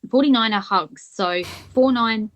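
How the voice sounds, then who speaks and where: A woman's voice: a little high, a little slow, highs cut off. A woman co-hosting a podcast, retelling a case at length in casual chat and thinking aloud as she goes. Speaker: podcast co-host. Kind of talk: casual true-crime chat.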